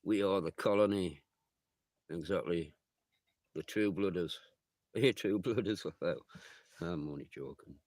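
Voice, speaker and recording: A man's voice: low-pitched, unhurried, pauses often, darkish tone, dry recording. A man chatting loosely with his viewers on a livestream, swearing often and rambling from thought to thought. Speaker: livestreamer reading viewer chat. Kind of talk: rambling casual live chat.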